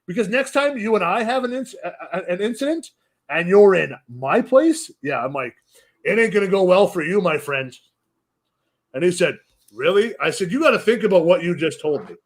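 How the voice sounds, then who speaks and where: A man with a notably high-pitched voice, swearing freely as he rambles through a story. His talk is loose and unscripted, the easy back-and-forth of a podcast guest. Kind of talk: casual podcast chat.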